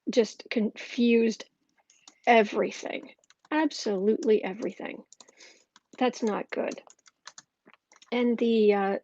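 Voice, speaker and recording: A woman hosts a live political tarot stream from home, chatting casually with many fillers and restarts. Her voice is fairly high with a darkish tone, captured on a camera mic with no echo and the highs cut off.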